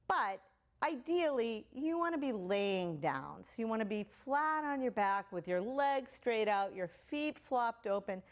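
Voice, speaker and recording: Gentle woman guiding a kids' relaxation. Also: fairly high pitch. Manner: gentle, slow, soothing instructions. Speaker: kids' yoga teacher. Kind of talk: guided relaxation for children. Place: indoors at home on a yoga mat.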